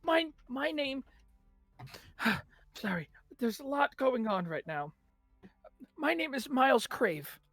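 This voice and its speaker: Jittery high bird-folk tavern keepers. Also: big pitch swings, takes it slowly, long pauses, fairly bright tone, dry recording, faint music behind, full character voice. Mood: flustered. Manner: stammering, panicky.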